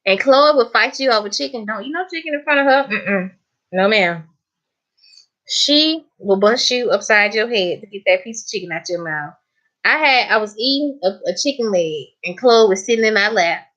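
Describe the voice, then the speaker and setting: On a dull, lo-fi live stream, a young Southern US woman who runs a cooking channel chats casually, playful and emphatic, with frequent laughter. Her pitch is medium and her intonation lively, moving at a moderate pace with a slightly bright tone.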